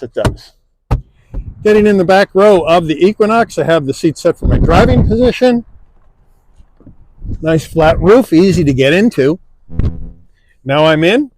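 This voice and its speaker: A man narrating a car review, calmly listing interior features one by one, recorded inside a car. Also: a little high, a little hiss or hum. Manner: relaxed, plain-spoken, listing features one by one.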